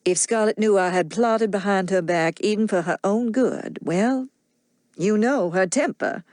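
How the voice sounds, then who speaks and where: A woman voicing a smooth, crafty grown man who coaxes and persuades without hurrying. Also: medium pitch, a little slow, darkish tone, dry recording, close to an everyday voice. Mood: persuasive.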